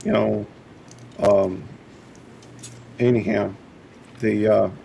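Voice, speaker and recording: A man in a casual chat, speaking haltingly and earnestly, with lots of fillers and restarts. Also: fairly low pitch, fairly even intonation, gravelly, dark tone, a little hiss or hum.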